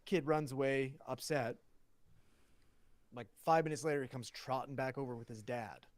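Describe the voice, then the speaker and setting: A man's voice: medium pitch, moderate pace, no room sound. Rowdy man telling a story. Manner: animated, swearing, acts out dialogue. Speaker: podcast co-host. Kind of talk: casual chat, storytelling.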